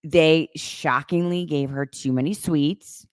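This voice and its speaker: A woman co-hosting a podcast in casual chat, telling animated stories and swearing freely. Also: deep voice, takes it slowly, smooth, dry recording, studio quality. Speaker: podcast co-host.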